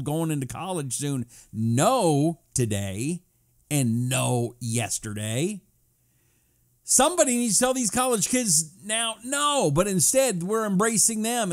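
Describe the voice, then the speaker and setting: Emphatic middle-aged male talk radio host. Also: high-pitched. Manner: emphatic, repetitive, sometimes drawn out. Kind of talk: talk radio commentary, reading listener messages.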